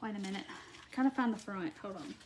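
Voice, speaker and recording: This craft tutorial host runs a casual live-stream demo, gushing and chatting as she reads out comments from viewers. Her voice sits at medium pitch and moves fairly quickly.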